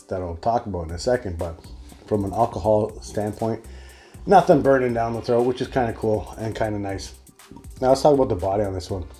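A man's voice: fairly low pitch, mellow. A man giving a chatty, rambling solo beer review.

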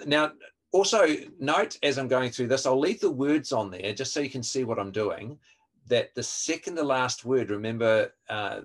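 A man with a fairly low voice leads a webinar training session. He explains things step by step, stops to quiz his listeners and answers their questions as they come in. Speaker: evangelism trainer. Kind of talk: online webinar teaching.

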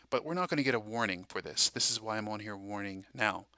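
Excitable bright-voiced man preaching casually. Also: fairly low pitch, a little fast, no echo. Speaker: Christian prophecy video host. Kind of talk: casual monologue.

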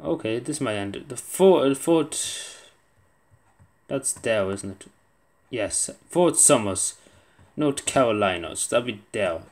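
A man's voice: mid-range voice, lively intonation, slow pace, darkish tone. A young man giving casual gameplay commentary, muttering to himself and swearing under his breath as he plays. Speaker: gaming video creator.

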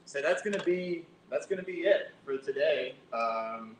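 A man hosting a casual live cooking demo, thinking aloud and correcting himself as he reads the recipe. His voice bounces around an echoey room, with a faint rumble underneath. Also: animated, unhurried. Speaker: cooking show host. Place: library kitchen room.

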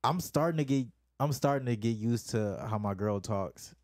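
A man's voice: medium pitch, animated, moderate pace, darkish tone, no room sound, studio quality. A man co-hosting a casual podcast chat, laid-back and slangy, with frequent short affirmations. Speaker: podcast co-host.

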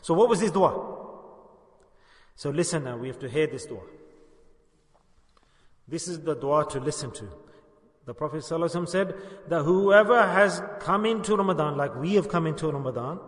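A man's voice: a little high, animated, brisk, long pauses, in a large hall. A man giving an earnest sermon as a religious teacher, repeating phrases for emphasis and putting questions to his listeners.

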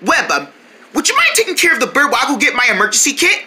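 A woman voicing a helpful friend figure who talks in a hurried, eager way. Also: high voice, wildly swooping pitch, pushed and bright, voice pushed down, full character voice. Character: helpful friend who fetches an emergency kit.

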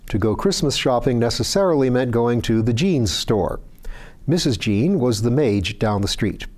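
A man hosting a book reading, narrating fiction in a steady, even storytelling voice. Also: mid-range voice, moderate pace. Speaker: reader.

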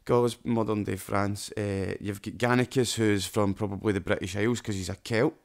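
A Scottish man with a lowish voice chats casually on a podcast. His talk is broad and sweary, and he keeps asking whether his point lands. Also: steady tone, moderate pace, gravelly. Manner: broad, sweary, says "do you know what I mean" often. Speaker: podcast co-host. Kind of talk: casual chat.

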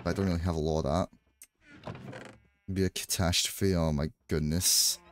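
A Glaswegian livestreamer from Scotland chats and jokes with his viewers while gaming, rambling and restarting often. His voice is low and steady at a moderate pace, with a faint hiss or hum in the background.

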